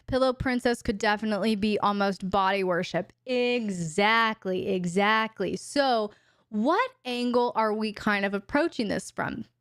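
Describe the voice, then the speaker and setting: A woman's voice: mid-range voice, measured pace, clean tone, no echo, clean studio sound. A woman hosting a live question-and-answer stream from home, talking frankly and casually into a desk microphone. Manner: chatty, frank, talks to her dog in baby talk.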